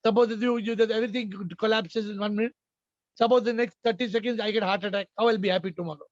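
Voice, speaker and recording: A man's voice: high-pitched, fairly even intonation, fast, dry recording, muffled recording. A man as a spiritual teacher answering audience questions in an informal talk, repeating phrases and often checking with his listeners. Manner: repetitive, emphatic, questioning the audience.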